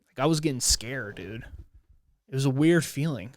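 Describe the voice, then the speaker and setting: A man from the United States hosts a solo podcast from his home, in a casual monologue that keeps stopping and restarting as he works through heavy feelings. He swears freely. His pitch sits in the middle of the range, and the sound is dry and close, with almost no room echo. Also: animated. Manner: halting, emotional, swears often, many restarts. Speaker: podcast host. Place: at home, near his bed.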